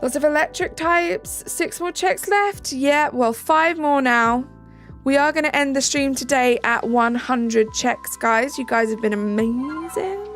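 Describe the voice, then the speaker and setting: A British woman with a high, slightly bright voice speaks a little slowly while hosting a live stream, faint music in the background. In chatty fashion she reads out and answers viewers' messages and thanks them.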